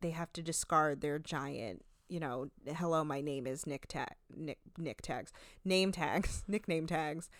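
Casting note: low-pitched, smooth-voiced woman, podcast co-host, chatty recap with quick asides and laughs. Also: dry recording, clean studio sound. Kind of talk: casual chat.

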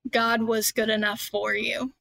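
A woman guest speaks in a slightly high voice that stays in a narrow band of pitch. She talks casually and chattily, with frequent fillers and self-corrections. The sound is close and dry. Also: level tone, measured pace, vocal fry, fairly bright tone, dry recording. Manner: chatty, many fillers and restarts. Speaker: guest author. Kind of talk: casual podcast conversation.

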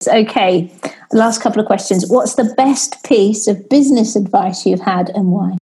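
Female interviewer: mellow tone, upbeat, laughs easily. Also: medium pitch, moderate pace. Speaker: podcast host. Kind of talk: interview questions.

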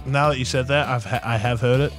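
A man's voice: medium pitch, steady tone, fast, fairly bright tone, faint music behind. A young Australian man, a football player guest in a casual interview, easygoing and laughing often. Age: young adult.

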